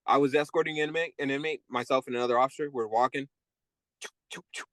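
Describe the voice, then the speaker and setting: A man's voice: mid-range voice, fairly even intonation, racing, fairly bright tone. A man recalls his years as a correction officer, speaking candidly and at a storyteller's pace. His voice sits in an ordinary middle range. The recording is close and dry, with no room echo. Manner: candid, tells stories acting out inmates' voices. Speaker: guest, former correction officer. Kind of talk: storytelling interview.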